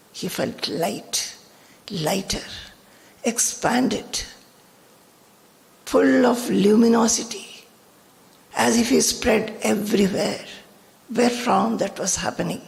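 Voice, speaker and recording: Slow gravelly woman telling a devotional story. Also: mid-range voice, a little mellow, long reverb tail. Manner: slow, deliberate, reverent. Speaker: spiritual teacher.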